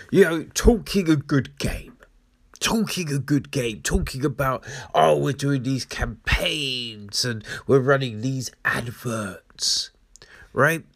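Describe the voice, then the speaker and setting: A man, hosting a podcast in a rambling, profane, animated monologue while his nose is blocked. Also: medium pitch, dry recording. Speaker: podcast host. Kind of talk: casual storytelling monologue.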